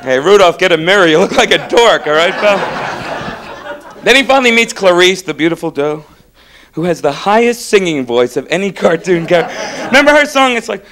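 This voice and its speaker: A man from Florida doing a stand-up comedy set on stage, animated and breaking into shouted impressions, with a live crowd laughing. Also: high voice, a little fast. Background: audience laughter.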